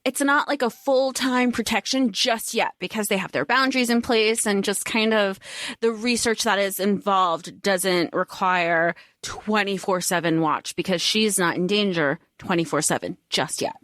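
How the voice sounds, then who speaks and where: A woman's voice: mid-range voice, moderate pace, no echo, studio quality. A woman co-hosting a podcast, laughing often as she eagerly retells scenes from a book in a casual chat. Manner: giggly, excited storytelling. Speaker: podcast co-host.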